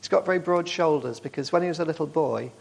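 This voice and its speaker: A man speaking to a church group, telling warm, rambling stories with frequent restarts. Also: fairly high pitch, quick pace, vocal fry, husky. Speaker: charity speaker.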